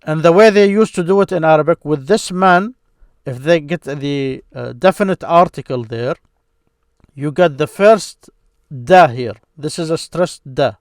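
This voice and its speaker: A man teaching a beginners' grammar lesson, explaining patiently and repeating syllables slowly for his learners. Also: a little high, no echo, clean studio sound.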